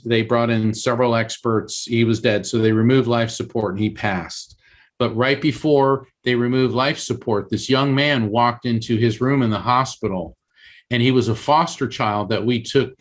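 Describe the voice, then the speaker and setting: A man speaks as a podcast guest, telling stories with lively swings in pitch. His voice sits in an ordinary middle register. He often stops and restarts his sentences while he builds the story. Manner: animated, with sudden pitch jumps and halting restarts. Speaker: guest medium and author.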